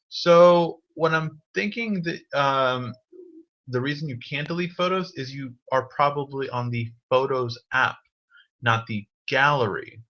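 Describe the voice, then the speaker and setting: A man's voice: medium pitch, a little slow, a bit bright. A man hosting a live tech Q&A, casually answering viewer questions with many ums and restarts. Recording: dull lo-fi stream audio.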